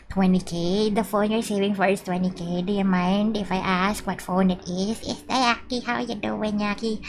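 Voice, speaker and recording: A woman's voice: mid-range voice, a little mellow. A woman with a Filipino accent chatting casually on a game stream, playful and giggly as she reads chat aloud. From Philippines. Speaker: VTuber streamer. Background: faint background music.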